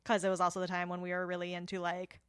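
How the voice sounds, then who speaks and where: A woman, co-hosting a podcast, talking about films in a relaxed, rambling way. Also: on the low side, very fast, clear, resonant tone, no echo, studio quality. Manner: relaxed, rambling, laughs and agrees often. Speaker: podcast co-host. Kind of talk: casual film discussion.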